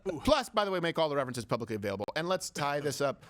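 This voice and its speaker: Male comedy host, high and very lively voice, laughs through his jokes and acts out the people in his stories. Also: rapid-fire. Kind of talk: comedic panel banter.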